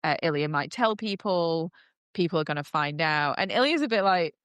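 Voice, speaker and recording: A woman's voice: low-pitched, lively intonation, normal speed, fairly bright tone, clean tone, no room sound. A woman hosting a podcast, recapping a show in a gushing, casual chat full of fillers. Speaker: podcast host.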